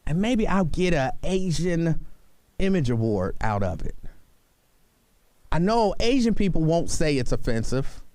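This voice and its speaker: A man hosting a radio talk show, bantering and arguing in a mock-serious, animated way. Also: a little high, measured pace, pauses often, no room sound.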